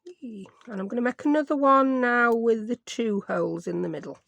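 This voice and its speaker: Chatty woman, gravelly. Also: a little high, normal speed, a bit bright. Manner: chatty, rambling, thinks aloud. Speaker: craft vlogger. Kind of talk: casual chat while crafting.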